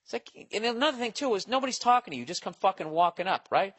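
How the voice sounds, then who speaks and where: With a high, fast voice and lively intonation, a man hosting a podcast rambles through a comedic story. He's profane and exasperated throughout.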